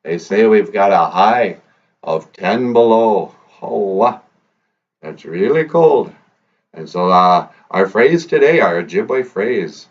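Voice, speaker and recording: A man's voice: on the low side, animated, unhurried, far from the mic. A man hosting a casual language lesson podcast, joking around in a playful way and singing little bits with his guitar. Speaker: podcast host. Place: northern Minnesota. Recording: muffled lo-fi recording with faint guitar.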